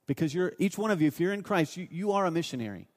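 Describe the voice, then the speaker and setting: A man preaching a sermon as pastor, telling stories and moving between loud urging and hushed asides. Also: high voice, animated, fast, in a large hall.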